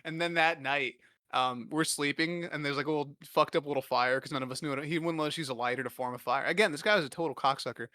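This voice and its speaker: Young man, podcast host, rapid-fire rambling, crude self-deprecating humor, bright edgy tone, close dry mic. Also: a little high, no echo. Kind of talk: casual comedic storytelling.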